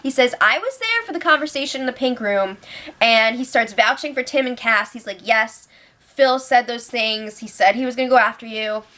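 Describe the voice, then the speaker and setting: A young woman hosting a casual reality show spoiler recap, retelling events in an animated way with laughs. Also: on the high side, normal speed.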